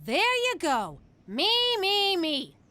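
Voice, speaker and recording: An actress playing a hurt, fed-up wife in an animated sitcom, cutting and bitter. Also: female voice, very high voice, slow pace, no echo, full character voice.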